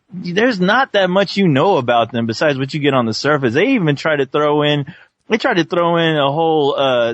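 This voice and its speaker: A man's voice: a little high, fairly bright tone, dry recording. A man co-hosting a movie review podcast, talking casually and animatedly while searching for words. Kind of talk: casual chat. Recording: slightly dull lo-fi sound.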